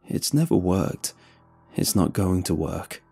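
A man voicing a frightened father who speaks quietly with a shaky but firm voice. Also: sits low, expressive, slow, vocal fry, husky, soft background music, voice pushed down, heavily acted. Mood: tense. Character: frightened grown man confronting his lost daughter.

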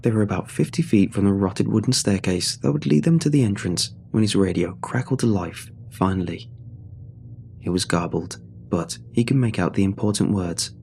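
A man narrating a true horror story in a measured, suspenseful way. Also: lowish voice, vocal fry, darkish tone, a little hiss or hum.

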